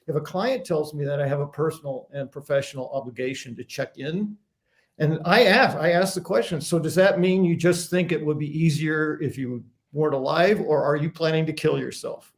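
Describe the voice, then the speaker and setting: A man's voice: on the high side, normal speed. A man speaking as a therapist on a discussion panel, direct and matter-of-fact.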